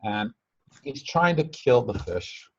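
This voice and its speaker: A man's voice: medium pitch, very animated, slow, slightly rough. Rambling man teaching, lo-fi sound. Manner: rambling, repeats himself, broken grammar; acts out quoted people in a raised voice. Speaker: spiritual teacher. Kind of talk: informal teaching talk with storytelling.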